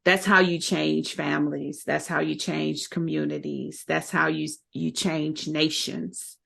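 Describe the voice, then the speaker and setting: A woman's voice: low-pitched, little pitch movement, measured pace, creaky, husky. A woman hosting a podcast interview, affirming her guest and asking closing questions. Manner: warm, affirming, encouraging. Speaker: podcast host.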